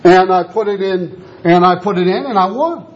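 A high-voiced man at a moderate pace preaches a sermon, telling a story and acting out its characters' voices. The recording sounds dull and lo-fi, with a slight hiss or hum.

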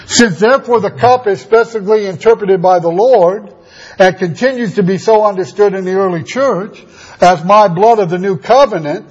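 A high-pitched man preaching a sermon, his delivery measured and emphatic. He leans on rhetorical questions and repeated phrases to drive each point home. The recording sounds dull and lo-fi. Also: a little mellow, husky.

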